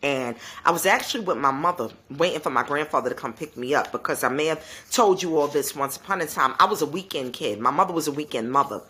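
Low-voiced woman spinning gossipy stories. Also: quick pace, few pauses. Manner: animated, gossipy, talks straight to her listeners. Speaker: podcast host. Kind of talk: casual solo podcast storytelling.

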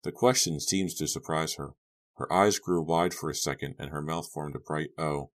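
A man narrating a young adult horror audiobook in a steady, even storytelling voice. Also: a bass voice, moderate pace.

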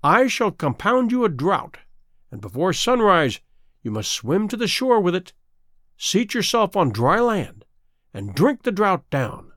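A man's voice: high voice, big pitch swings, a little slow, a bit bright, no room sound, clean studio sound, exaggerated voice. A man voicing a cruel, mocking old female sea witch in a storybook reading, with a gloating, menacing delivery.

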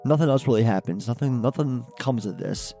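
Gravelly man casually recapping a movie. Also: medium pitch, mellow, soft background music. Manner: rambling, profane retelling with many restarts; acts out characters' lines in quick quoted bursts. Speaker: podcast co-host.

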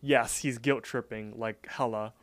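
A man's voice: medium pitch, steady tone, unhurried, no room sound. Laid-back man, dry close sound. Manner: laid-back, laughs easily, hesitant restarts. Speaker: podcast co-host. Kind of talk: casual chat and episode recap.

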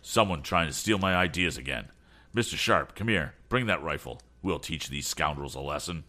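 A man's voice: rumbling low, expressive, normal speed, sharp tone, heavily acted. A man voicing an aged male inventor who is fretful and tired, in a storybook reading.

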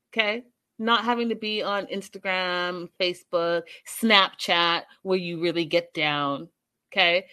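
A woman casually recapping a reality show episode, chatty and animated, with sarcastic asides. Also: medium pitch.

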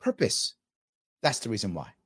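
A man's voice: lowish voice, huge pitch swings, moderate pace, fairly bright tone, breathy edge. A man hosting a podcast, talking through listener comments in an emphatic way and repeating his points for emphasis. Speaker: podcast host.

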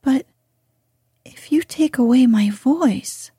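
A woman voicing a timid young mermaid princess in whispered role-play, speaking softly. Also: high voice, slow, breathy edge, dry recording, clean studio sound, pitched above the performer's own voice, exaggerated voice. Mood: pleading. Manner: soft, hushed whispering.

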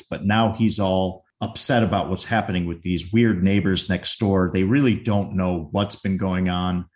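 A man co-hosting a podcast, casually retelling a movie scene and briefly acting out the characters' lines. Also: fairly low pitch. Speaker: podcast co-host.

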